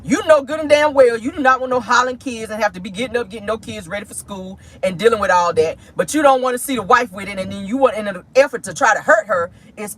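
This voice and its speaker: A woman's voice: on the high side, fast talker, hardly any pauses, a bit bright, slight background noise. A woman, hosting casual celebrity gossip commentary with sassy, slangy asides. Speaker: host. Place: in a vehicle.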